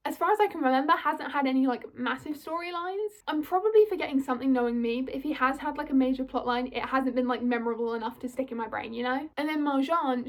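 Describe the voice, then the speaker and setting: A young British woman talking casually through a fandom video essay, chatty and full of apologetic asides. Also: high-pitched. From United Kingdom.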